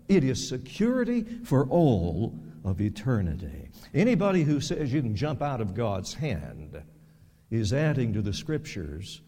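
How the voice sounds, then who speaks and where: A man preaching a sermon as pastor, emphatic, repeating words for stress and swinging sharply in loudness and pitch. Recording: long reverb of a large hall.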